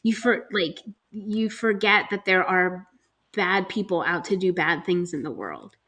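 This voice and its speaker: A young woman from New Jersey co-hosts a casual talk show podcast, chatting with lots of fillers and laughing often. Her voice is fairly low in pitch, a bit bright, and a little slow.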